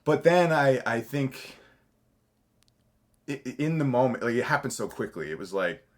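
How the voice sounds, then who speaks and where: A man's voice: medium pitch, animated, moderate pace. A man, a podcast guest and actor, talking candidly and rambling, correcting himself, swearing freely and laughing through his stories. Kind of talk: candid conversational interview.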